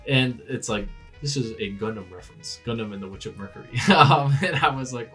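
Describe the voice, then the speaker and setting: A man hosting a casual manga reaction video; he is excitable, laughs often and swears freely. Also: medium pitch, brisk, breathy edge, soft background music.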